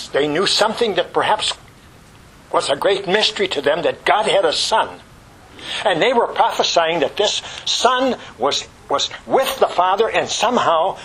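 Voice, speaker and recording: Impassioned preacher man with a bright voice. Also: sits high, husky, low-quality recording. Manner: impassioned, swings from loud exclamations to hushed whispers; repetitive, rhetorical questions to the congregation. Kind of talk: sermon.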